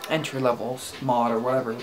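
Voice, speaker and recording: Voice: medium pitch, flat delivery, fast talker, over music. A casual product reviewer at home, talking in a hesitant, rambling way with lots of fillers and restarts. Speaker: e-liquid reviewer.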